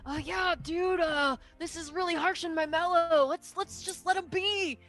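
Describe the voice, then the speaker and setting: A woman's voice: extremely high pitch, fairly even intonation, normal speed, fairly bright tone, soft background music, voice pushed up. A woman voicing a laid-back male surfer pony with an easygoing drawl. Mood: mellow.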